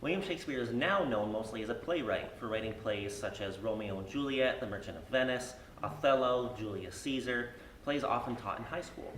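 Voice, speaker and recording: A man narrating a school project in a steady, explanatory read-aloud manner, with the odd filler. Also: medium pitch, a little fast, slight background noise. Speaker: student presenter. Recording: roomy, distant mic with faint music.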